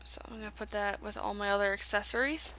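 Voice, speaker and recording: A woman's voice: mid-range voice, fairly even intonation, fast, sharp tone, slight background noise. A young woman giving casual, rambling commentary while playing a video game. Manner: chatty, rambling, with fillers. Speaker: gaming video creator. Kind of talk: casual let's-play commentary.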